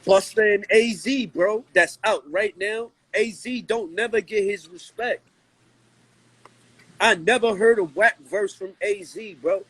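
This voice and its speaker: A man from Brooklyn talking as a guest in a casual hip-hop chat, animated and slangy, restarting his sentences a lot. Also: high voice, a little slow, husky, poor audio.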